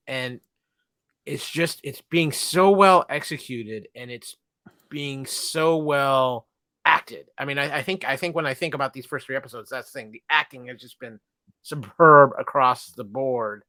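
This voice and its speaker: A man with a bright, forceful tone speaks earnestly on a casual podcast, heaping praise. His level rises and falls noticeably between phrases, and the sound is dry. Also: medium pitch, no echo.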